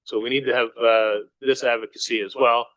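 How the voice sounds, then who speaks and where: A male city councillor argues for an amendment during a council debate. His delivery is earnest, and he circles back to the same points. His voice sits at a medium pitch, recorded dry on a desk mic. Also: fairly even intonation, fairly quick, a bit bright, no room sound, low-quality recording. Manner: earnest, repetitive argument. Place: council chamber.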